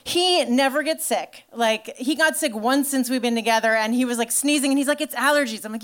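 A woman telling a story in a stand-up comedy set, chatty and animated, full of "like" and swearing. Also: a little high, brisk, few pauses. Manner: animated storytelling to a live audience.

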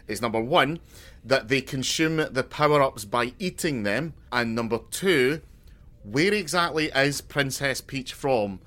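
A young man co-hosting a podcast, spinning rambling deadpan jokes in casual chat with frequent restarts. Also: mid-range voice, normal speed. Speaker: podcast co-host.

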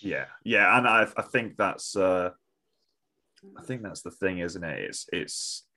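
A man's voice: low voice, expressive, a little slow, pushed and bright. A man hosting a podcast, talking casually and hesitantly as he searches for words.

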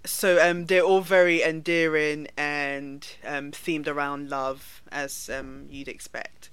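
A woman co-hosting a casual film-review podcast, explaining things in a relaxed way with frequent ums. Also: sits low, takes it slowly, clean tone, dry recording. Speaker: podcast co-host.

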